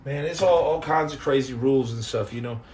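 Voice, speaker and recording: A man hosting a casual live podcast, joking and teasing viewers in slangy talk that drops into low mutters. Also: a little fast, a little mellow, slight background noise. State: on house arrest. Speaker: podcast host reading live chat. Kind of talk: casual live-stream chat.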